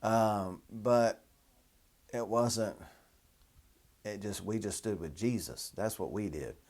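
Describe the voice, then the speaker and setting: A man's voice: on the low side, slow pace, a little mellow. A man, a minister hosting a show, commenting on a news article in a wry, chatty, sardonic way.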